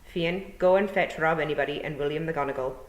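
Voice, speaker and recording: A woman voicing a tiny, shrewd, dying old pixie clan mother who speaks slowly and weakly in a put-on Scottish accent. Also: low voice, close to an everyday voice. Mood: wry. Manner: slow, weak, murmuring. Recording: roomy echo.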